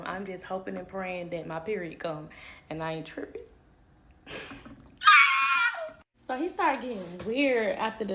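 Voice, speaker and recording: A woman telling a personal story in a casual, slangy way, talking straight to her viewers. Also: mid-range voice.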